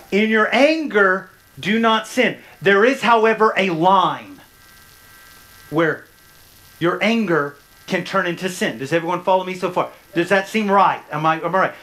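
A man preaching a sermon from the front of a church. He swings from loud, rising bursts to hushed, low stretches and keeps pressing his listeners with repeated questions. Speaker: pastor. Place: church sanctuary, speaking from the front.

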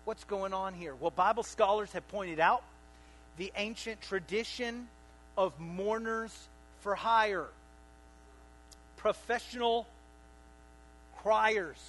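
A man preaching a sermon to a congregation. He swings between loud bursts and quiet asides, and keeps asking the room questions. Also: high-pitched, slow, pauses often, rough recording. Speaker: pastor.

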